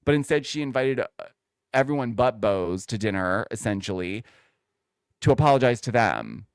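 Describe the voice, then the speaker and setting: A man's voice: mid-range voice, big pitch swings, normal speed, clean tone, no room sound, studio quality. A man hosting a casual reality TV recap, chatty and opinionated, talking straight to his viewers. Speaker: host.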